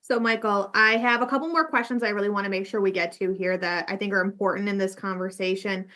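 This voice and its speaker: A woman hosting an interview, asking a guest measured questions with a few fillers. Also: medium pitch, steady tone, a bit bright. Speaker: interviewer host.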